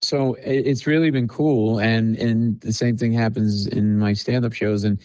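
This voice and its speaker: A comedian guest on a storytelling podcast tells stories animatedly, acting out the dialogue as he goes. His voice is fairly low and his pace moderate. The recording is dry and the audio is poor.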